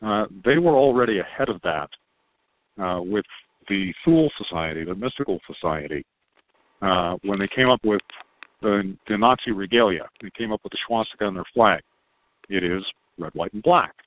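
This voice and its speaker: A man on a podcast as a guest, talking in a calm, unhurried, explaining way. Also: lowish voice, slight background noise. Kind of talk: casual podcast conversation. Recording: tinny phone-line sound, dry.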